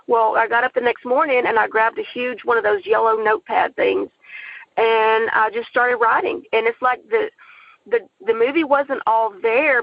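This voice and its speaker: A woman's voice: fairly high pitch, vocal fry, no room sound, highs cut off. A woman director telling her personal faith testimony in an earnest storytelling way, acting out the quoted dialogue. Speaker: film director and writer.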